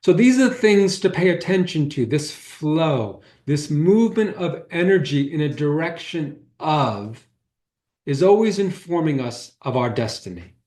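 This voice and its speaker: A man's voice: on the high side, big pitch swings, unhurried, darkish tone. A man giving a spiritual talk as a holistic healer, telling personal stories in a casual, conversational way. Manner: conversational storyteller who acts out quoted dialogue. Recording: roomy echo.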